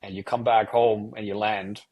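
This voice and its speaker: A man's voice: lowish voice, flat delivery, normal speed, breathy edge, muffled recording. A middle-aged man from Germany, a guest on an interview show, telling stories in a rambling way full of "you know" fillers. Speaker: guest, retired air force officer and wargamer. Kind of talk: casual interview storytelling.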